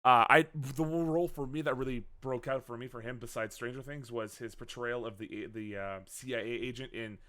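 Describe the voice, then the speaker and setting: Bright-voiced rambling man. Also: mid-range voice. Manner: rambling, swears, many fillers and self-corrections. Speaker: podcast co-host. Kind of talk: casual movie review chat.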